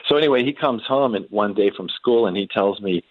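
A deep-voiced man tells a long story about his family, stopping and restarting as he goes. The sound is dry and thin, like a phone line. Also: no echo. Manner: halting, with many restarts and fillers. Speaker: guest. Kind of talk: storytelling in a conversation.

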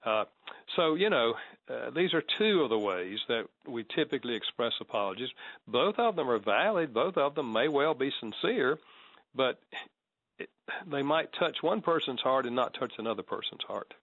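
Measured man explaining in a dry, dull studio. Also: medium pitch, very animated, no room sound. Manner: measured, explanatory, acts out sample apologies. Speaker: guest author on apology. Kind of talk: conversational teaching.

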